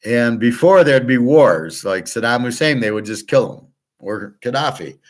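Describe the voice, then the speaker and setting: A sports betting and markets commentator rants in a blunt, profane monologue about markets. His mid-range voice is expressive at a moderate pace, and he keeps restarting and trailing off.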